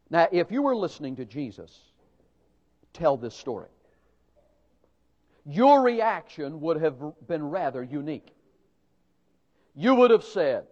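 Male pastor, emphatic sermon, slow deliberate delivery, long hall reverb. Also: a little high, big pitch swings, a little mellow, dull audio. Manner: emphatic, dramatic preaching with rhetorical questions.

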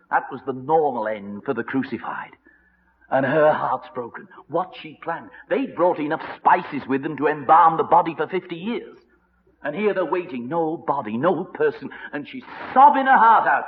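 A man preaching a storytelling sermon, swinging dramatically between loud and hushed. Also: on the high side. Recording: reverberant hall, dull lo-fi sound.

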